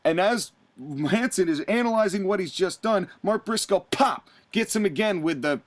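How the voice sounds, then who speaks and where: A man's voice: sits high, normal speed, a little hiss or hum. A man hosting a podcast, telling a wrestling match in casual chat and acting out the wrestlers' lines. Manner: animated storytelling, acts out wrestlers' lines. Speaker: podcast host recapping a wrestling show.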